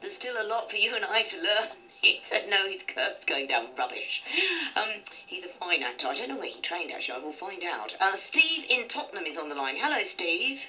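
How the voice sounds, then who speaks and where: A woman hosting a radio talk show, lively, gushing and quick to laugh and get emotional. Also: medium pitch, slight background noise. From Britain. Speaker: radio presenter. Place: radio studio.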